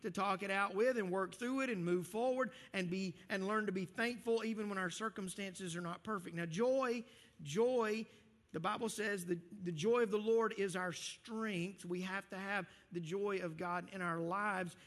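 A man preaching a sermon as pastor, in an animated, conversational way with frequent restarts, speaking to a church congregation. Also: sits high, normal speed, long reverb tail. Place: church hall with a live congregation.

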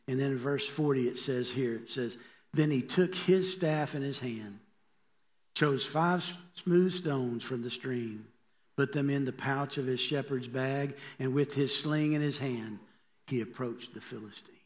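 A man's voice: medium pitch, a little slow. Middle-aged guy preaching a sermon, talks like he's chatting with the crowd, lots of "don't we?" questions. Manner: conversational preaching with rhetorical questions. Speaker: pastor.

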